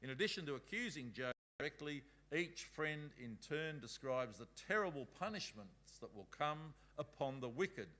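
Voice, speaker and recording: A man teaches a Bible school class in a relaxed, conversational way. He reads passages aloud between his own remarks. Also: mid-range voice.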